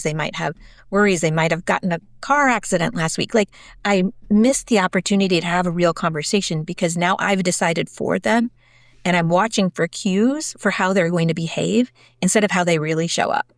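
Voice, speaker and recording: A woman in her forties, a podcast guest, telling stories in a chatty, animated way with many "like"s and "sort of"s. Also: on the low side, no echo, clean studio sound. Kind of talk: conversational storytelling.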